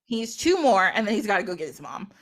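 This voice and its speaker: Animated woman retelling a folktale. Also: medium pitch, fast. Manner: acts out characters with playful voices and laughter. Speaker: podcast host. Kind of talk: animated storytelling in casual chat.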